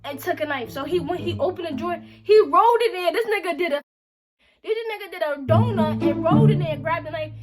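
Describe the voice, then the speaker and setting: High-voiced young woman telling a story. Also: fairly quick. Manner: animated, slangy storytelling with quoted dialogue. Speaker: vlogger. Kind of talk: storytime vlog. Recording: music playing under the voice.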